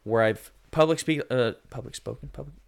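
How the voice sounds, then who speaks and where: A man's voice: medium pitch, brisk, vocal fry, clean tone. Earnest man co-hosting a podcast. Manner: earnest, self-deprecating, many fillers. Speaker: podcast co-host. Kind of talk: casual podcast discussion.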